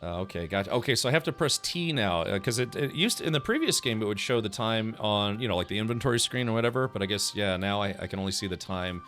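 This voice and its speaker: A man's voice: on the low side, expressive, fast, hardly any pauses, fairly bright tone, faint music behind. A man streaming a video game, casually thinking aloud and chatting with viewers in a rambling way. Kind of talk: casual gameplay commentary.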